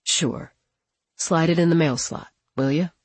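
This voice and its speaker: A woman doing a soft, muffled reclusive man. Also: measured pace, no room sound. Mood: quiet kindly. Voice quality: muffled, quiet, low. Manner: gentle, kind, brief. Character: reclusive soft-spoken man behind a door.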